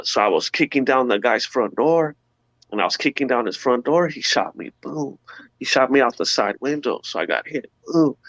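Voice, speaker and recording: A man, an interview guest, giving a personal testimony in an animated, slangy storytelling way, acting out sounds as he goes. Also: medium pitch, no room sound. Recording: dull lo-fi dry sound.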